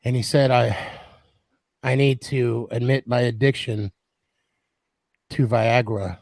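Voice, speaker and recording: A man's voice: medium pitch, fairly even intonation, slow, creaky, darkish tone, no room sound. A man hosting a live podcast stream, chatting casually and laughing easily. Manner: laughs easily, friendly banter. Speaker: podcast host.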